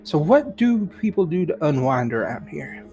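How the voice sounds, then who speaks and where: A man puts on a charming wanderer with a lazy Southern drawl, pitched a touch above his own voice. He sounds relaxed and teasing, as if the tavern belongs to him. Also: moderate pace, muffled recording, faint music behind. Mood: easygoing. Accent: put-on Southern US. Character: friendly male traveler with a put-on southern drawl.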